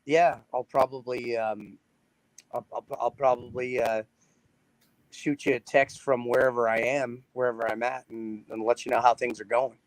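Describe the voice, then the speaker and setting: A man's voice: mid-range voice, level tone, normal speed, no room sound, low-quality recording. A man from Canada, a guest on a podcast, talking casually about his band with many restarts and laughs. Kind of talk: casual chat.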